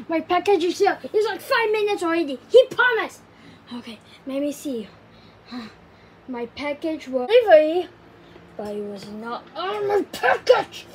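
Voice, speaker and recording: A woman with a very high voice narrates her game as she plays. She swings from hushed, half-whispered murmurs to excited squeals and shouts, and her pitch jumps around with lively movement. Her pace is slow and unhurried, with a faint ambient hum behind her. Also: rough recording. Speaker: game player.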